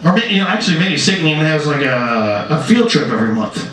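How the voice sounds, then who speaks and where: A young man doing a crude stand-up comedy set in a comedy club, often jumping into shouted voices. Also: on the high side, sing-song, fast talker. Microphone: handheld stage mic. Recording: echoey club from far off, crowd.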